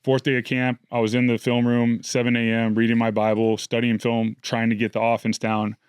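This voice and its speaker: A man's voice: mid-range voice, monotone, fairly quick, clean tone, dry recording. Earnest man telling his story. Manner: earnest, reflective, emotional retelling. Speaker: interview guest. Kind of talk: candid storytelling.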